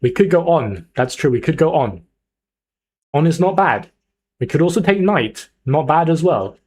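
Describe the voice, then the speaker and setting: A man's voice: a little high, sing-song, moderate pace, a little mellow, slightly rough. A young man streaming live, chatting casually and hyping up his viewers as he picks a team. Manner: chatty, hyped, talks to chat. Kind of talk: casual livestream chat.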